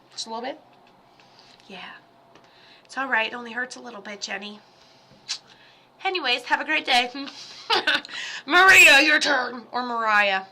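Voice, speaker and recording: Bright-voiced chatty woman medium. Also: mid-range voice. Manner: chatty, blunt and joking, with frequent fillers. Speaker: psychic medium. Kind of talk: casual livestream reading.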